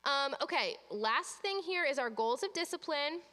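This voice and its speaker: Female parenting trainer, bright and fairly high, practical and reassuring, long reverb of a church hall. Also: lively intonation, normal speed. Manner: practical, reassuring, acts out parent-child exchanges.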